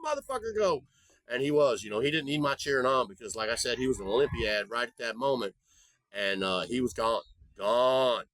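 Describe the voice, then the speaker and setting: A man's voice: fairly low pitch, a bit bright, dry recording. A man vlogging, telling a rambling story in a folksy, profane, casual way. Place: abroad in the Philippines.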